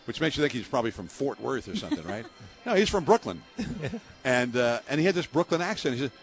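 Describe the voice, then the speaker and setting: A man's voice: medium pitch, fast talker, soft background music. Older guy spinning baseball yarns, voice swoops up and down, laughs a lot. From San Francisco Bay Area, US. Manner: lively anecdotes, laughing often, with many fillers. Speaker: baseball broadcaster. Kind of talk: storytelling in an interview.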